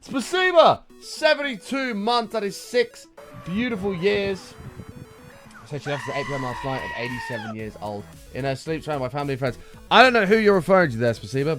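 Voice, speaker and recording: Male game streamer, casual, swears, lively pitch, music in background. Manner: animated, swears, reads chat aloud. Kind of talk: casual live gaming commentary. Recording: music playing behind.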